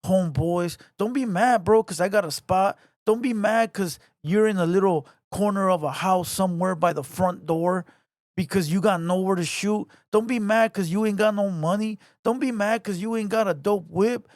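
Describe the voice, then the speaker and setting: A man delivers a heated, taunting rant to camera from a home garage. His voice sits high, and he hammers the same lines over and over. The sound is dry and close, with little room around it. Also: normal speed, no echo. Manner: taunting, repetitive, confrontational. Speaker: online commentator.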